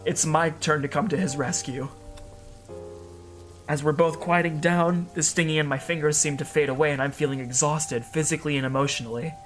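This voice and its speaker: A man's voice: fairly high pitch, steady tone, a little fast, fairly bright tone, soft background music. A man giving an earnest, emotional first-person story narration as a storyteller.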